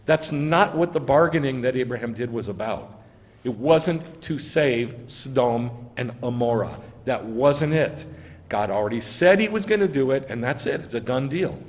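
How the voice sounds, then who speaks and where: A man's voice: medium pitch, lively intonation, moderate pace, in a large hall, a little hiss or hum. A man preaching as a rabbi, reading scripture aloud and arguing its meaning, rising to emphasize key lines. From United States. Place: synagogue sanctuary.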